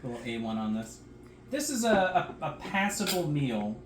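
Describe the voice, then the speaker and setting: A man co-hosting a casual cooking video, making crude deadpan jokes while tasting food in a home kitchen. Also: fairly high pitch, moderate pace. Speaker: cooking show co-host.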